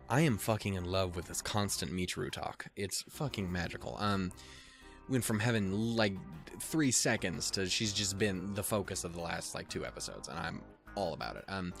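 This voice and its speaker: A man hosting a let's play, talking casually and swearing freely as he rambles with enthusiasm between passages of game text he reads aloud. His pitch moves around a lot, and faint music plays underneath. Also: expressive, brisk, creaky.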